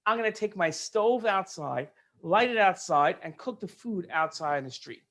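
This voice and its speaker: A man voicing an angry male shop owner who yells in exasperation at a camel driver's mishaps. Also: high voice, lively intonation, normal speed. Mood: fed up. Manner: yelling, exasperated.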